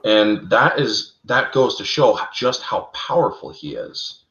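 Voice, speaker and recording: Male co-host, lowish voice, animated fan-lore talker, roomy lo-fi sound. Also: measured pace. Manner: animated, addresses listeners as folks, laughs at own slips. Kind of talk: casual lore discussion.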